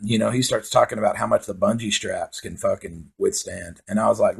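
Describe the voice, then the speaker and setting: A man's voice: fairly low pitch, level tone, fairly quick, creaky, few pauses, slightly rough. A man doing rambling, profane stand-up storytelling, full of fillers. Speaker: comedian. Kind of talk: stand-up monologue.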